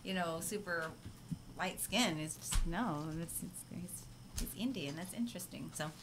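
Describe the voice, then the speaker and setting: Woman on a morning radio show, chatty and animated, faint hiss behind. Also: on the low side, unhurried. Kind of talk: casual morning radio chat.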